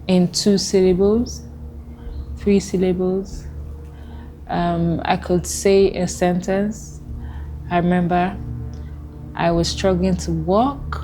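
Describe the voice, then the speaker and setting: A Nigerian woman giving a personal testimony, speaking haltingly with emotional pauses. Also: lowish voice, warm tone. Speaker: testimony guest.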